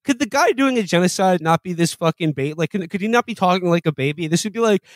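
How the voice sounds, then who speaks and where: A man's voice: high voice, expressive, fast talker, no room sound. A man, a podcast host, riffing sarcastically in casual comedic chat.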